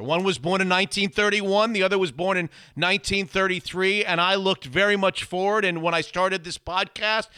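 A man hosting a casual sports podcast, talking in a steady, reflective and friendly way. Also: high voice, clean tone, dry recording, clean studio sound. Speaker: podcast host.

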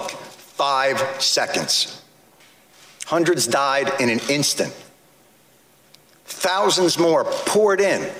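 A man giving angry, impassioned testimony at a hearing, speaking forcefully and cutting into his listeners. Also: fairly high pitch. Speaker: advocate testifying before a legislative hearing. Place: large hearing room. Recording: roomy hall echo.

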